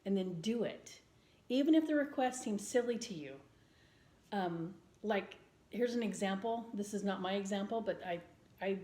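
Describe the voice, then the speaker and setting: A woman vlogger in casual chat, speaking earnestly and gently with frequent ums and restarts. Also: mid-range voice. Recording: roomy indoor echo.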